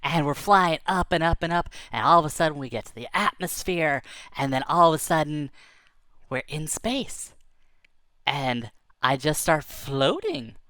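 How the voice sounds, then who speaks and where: A man's voice: on the high side, expressive, unhurried, sharp tone, dry recording. A man telling an improvised children's story in a chatty, playful way, with sound effects and dialogue between characters.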